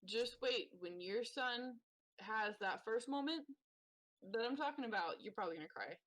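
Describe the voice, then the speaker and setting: A woman on a parenting podcast, telling heartfelt stories about her son in an animated way. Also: fairly high pitch, normal speed, no echo, poor audio. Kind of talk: casual chat.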